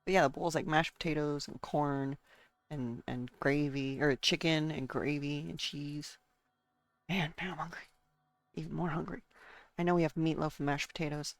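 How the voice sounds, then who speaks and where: A woman's voice: sits low, fairly even intonation, moderate pace, no room sound. A woman streaming a game and chatting casually, rambling from one thought to the next and talking to her chat and herself.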